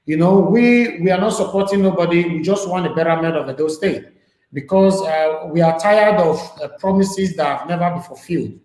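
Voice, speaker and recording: A man's voice: on the high side, moderate pace, a little mellow, roomy sound, poor audio. A man hosting a live online interview show, talking loosely with lots of "you know" and "um". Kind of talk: live-stream interview chat.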